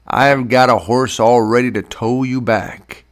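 A man's voice: medium pitch, slow pace, vocal fry. A man voicing a round, jolly young man who jeers and wisecracks as the class jester, in an audiobook reading. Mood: teasing. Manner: jeering, wisecracking. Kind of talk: audiobook character voice.

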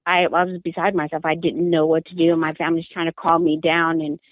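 A mother giving an emotional interview, halting and repeating her words in distress. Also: sits low, flat delivery, no room sound. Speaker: mother of a missing daughter, interviewee. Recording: tinny phone line.

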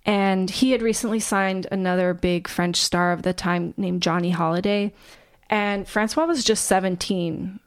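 A woman, co-hosting a podcast and retelling a life story in a relaxed, casual way with fillers. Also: mid-range voice, normal speed, clean tone. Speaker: podcast co-host.

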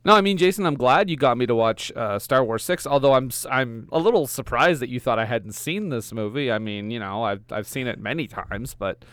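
A man's voice: mid-range voice, a little fast, hardly any pauses, clean tone, no echo. Playful man, podcast co-host. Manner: playful, deadpan jokes. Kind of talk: casual chat.

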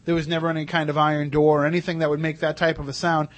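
A man's voice: on the high side, level tone, rapid-fire. A man hosting a radio show, chatting eagerly and at length with his guests. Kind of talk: casual radio chat.

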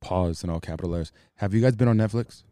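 A man's voice: sits low, fast, mellow, smooth, dry recording, studio quality. A young man co-hosting a podcast, reacting with mock-serious outrage and repeating his punchlines. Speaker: podcast co-host. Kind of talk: casual podcast banter.

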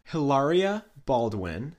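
A podcast co-host dishing celebrity gossip, dramatic and chatty, with plenty of ums and likes. His pitch sits in the middle of the range. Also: sing-song, slow pace, darkish tone. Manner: dramatic, gossipy storytelling with many fillers. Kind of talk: casual pop culture gossip chat.

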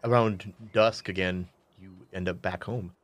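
A man's voice: low voice, fairly even intonation, measured pace, no echo. A man running a tabletop game as game master, narrating and joking loosely with his players and laughing often.

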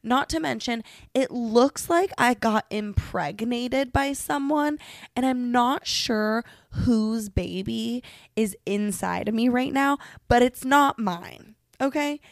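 A woman's voice: a little high, lively intonation, takes it slowly, creaky, no room sound, studio quality. A young woman hosting a podcast, venting alone in her bedroom while sick, profane, rambling and self-mocking. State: sick and congested. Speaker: podcast host. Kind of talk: casual venting monologue.

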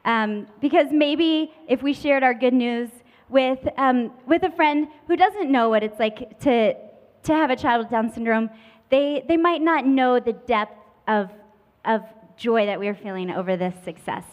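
A fairly high-voiced woman hosts a live podcast from a conference stage. She talks in a playful, chatty way. The sound is dull and lo-fi and rings with long hall reverb. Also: lively intonation, measured pace. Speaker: podcast host.

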